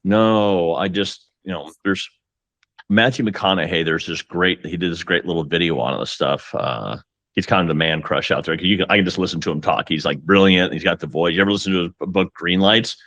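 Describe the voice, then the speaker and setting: A man's voice: deep voice, a little fast, fairly bright tone, no echo. A man talking as a guest mortgage coach, with an emphatic, pep-talk delivery. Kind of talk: casual podcast conversation.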